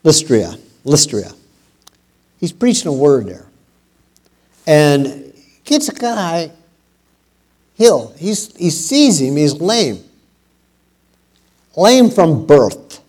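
Slow, conversational male preacher. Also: huge pitch swings. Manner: rises louder and higher when quoting scripture. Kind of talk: sermon.

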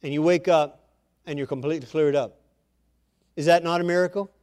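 A man preaching a sermon as pastor, talking casually with his congregation, calling on people by name and building to loud, emphatic lines. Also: fairly high pitch, fairly even intonation, brisk, smooth. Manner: conversational, calls on members of the congregation by name.

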